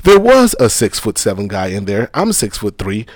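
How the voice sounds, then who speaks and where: A man's voice: on the low side, wildly swooping pitch, moderate pace, dry recording, clean studio sound. A man in his thirties, a podcast co-host, who laughs easily and tells stories in casual chat. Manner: laughing, storytelling.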